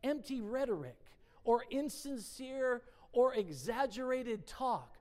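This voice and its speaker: A woman with a mellow, animated, somewhat high voice speaks at a slow pace while giving a casual devotional Bible teaching. She reads definitions of words aloud, emphatically dwelling on single words and putting rhetorical questions to her listeners.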